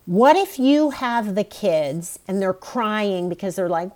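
A woman hosting an advice podcast, talking straight to the listener in a warm, reassuring way. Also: mid-range voice, big pitch swings, takes it slowly. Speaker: podcast host.

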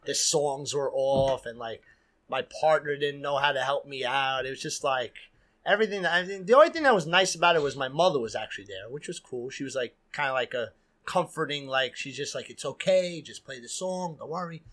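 A man with a New York accent, a guest DJ telling a lively story in casual chat. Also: medium pitch, brisk. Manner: animated, swears, acts out quotes.

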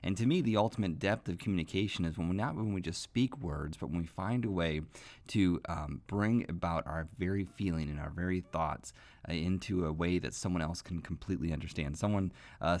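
A man with a somewhat low voice talks through a Bible passage in a relaxed teaching tone. He is earnest, often pausing on "um" and "uh" and restarting his sentences mid-thought. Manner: earnest, with frequent fillers and restarts.

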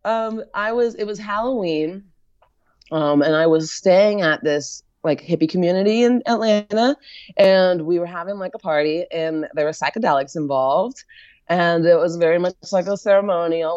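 A woman's voice: lowish voice, a little fast, darkish tone, no echo. An American woman, a fiber artist, telling a long personal story in a casual interview, slipping into quoted voices, with lots of fillers and laughs. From United States. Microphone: video call. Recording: dull lo-fi sound.

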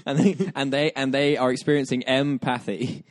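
A man jokes and giggles through quick riffs on a casual podcast. His voice sits close and dry, with no room sound around it. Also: mid-range voice, flat delivery, no echo. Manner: joking, giggly, riffs on bits. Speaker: podcast co-host. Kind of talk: casual comedic chat.

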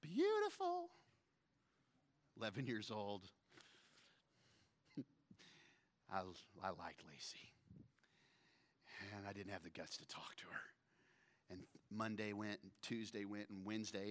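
A man in his thirties preaching a sermon, retelling a scripture story with humor and acting out the characters' lines. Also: lowish voice. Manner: animated storyteller, acts out characters. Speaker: pastor.

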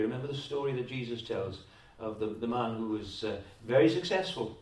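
Welsh pastor preaching in an echoey hall. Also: male voice, medium pitch, a little fast, few pauses, a little mellow. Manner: rhetorical tag questions, repeats words when pressing a point. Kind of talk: sermon. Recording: echoey hall, distant mic.

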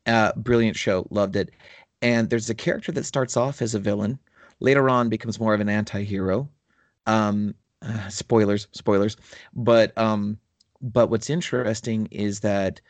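Man, low register, enthusiastic rambler on a podcast, dry sound. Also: darkish tone, no room sound. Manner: rambling, enthusiastic storytelling with fillers. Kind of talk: casual chat about tabletop gaming.

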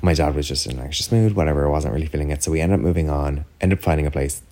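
An Irish man with an extremely deep voice, talking casually on his own podcast. He rambles on, dropping "like" into most sentences and checking in with "do you know what I mean". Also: rapid-fire, mellow. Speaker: podcast host. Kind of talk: casual solo chat.

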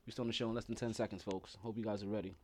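A man's voice: lowish voice, fairly even intonation, very fast, a little hiss or hum. A man hosting a sports podcast with playful, slangy hype-man banter. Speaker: podcast host.

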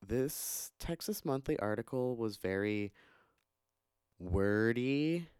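A man's voice: medium pitch, lively intonation, slow pace, darkish tone, clear, resonant tone, no room sound, clean studio sound. A man co-hosting a podcast in casual chat, joking and laid-back. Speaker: podcast co-host.

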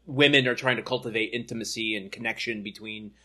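A man's voice: on the low side, steady tone, quick pace, bright, forceful tone. A man co-hosting a podcast, easygoing and agreeable, often laughing along as they discuss a sitcom. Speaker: podcast co-host. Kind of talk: casual podcast chat.

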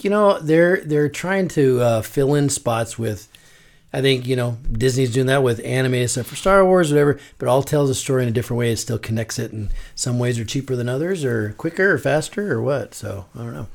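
A man's voice: medium pitch, brisk, creaky. A man hosting a casual podcast chat, rambling with many fillers. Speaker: podcast host.

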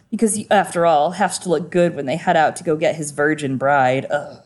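A woman's voice: lowish voice, steady tone, fairly quick, hardly any pauses, darkish tone. A woman co-hosting a podcast, chatting casually with wry, sarcastic asides. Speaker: podcast co-host.

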